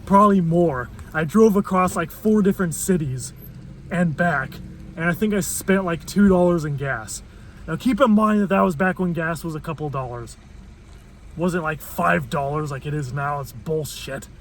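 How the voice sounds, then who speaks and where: A man's voice: fairly high pitch, normal speed, slight background noise. A man vlogging from his car in a waiting line, grumbling and swearing in irritated rants. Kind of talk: ranting car vlog.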